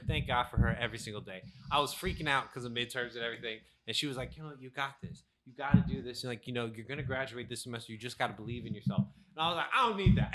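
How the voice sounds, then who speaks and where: A young man chatting casually on a podcast, telling stories animatedly and laughing often. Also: medium pitch. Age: young adult. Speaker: podcast co-host. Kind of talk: casual chat.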